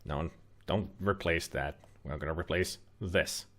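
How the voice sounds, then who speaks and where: A man's voice: low-pitched, unhurried, fairly bright tone. A man hosting a let's play, reading out game text and adding dry joking asides.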